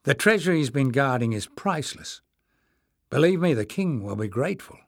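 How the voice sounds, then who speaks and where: A man doing a calm, earnest stranger. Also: medium pitch, normal speed, creaky, a little hiss or hum. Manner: patient, earnest. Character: calm, persuasive male stranger.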